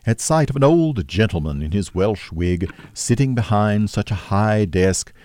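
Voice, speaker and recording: A man narrates a classic novel in a deep, mellow voice. His reading is steady and measured. The recording is close and dry. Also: no echo.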